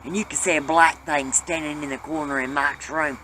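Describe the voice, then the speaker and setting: A man's voice: a little high, steady tone, fairly quick, sharp tone, slight background noise, poor audio. A man earnestly retelling a ghost story in a plain, casual way. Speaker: panel storyteller.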